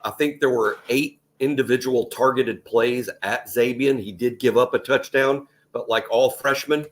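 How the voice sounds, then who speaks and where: A man co-hosting a casual sports podcast. He speaks at an ordinary middle pitch. He recaps plays in a steady, conversational way. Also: moderate pace. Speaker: podcast co-host.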